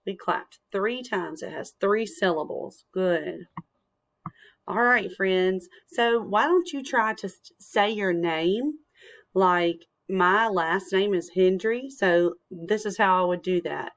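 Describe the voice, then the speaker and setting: A young woman teacher giving a recorded lesson to young children, gentle and encouraging, speaking slowly and clearly into a screencast mic. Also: mid-range voice. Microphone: screencast computer mic.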